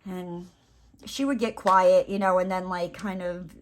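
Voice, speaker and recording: A woman's voice: fairly low pitch, fairly even intonation, a little slow. A woman vlogger chatting casually while she crafts, rambling with lots of fillers and playful asides.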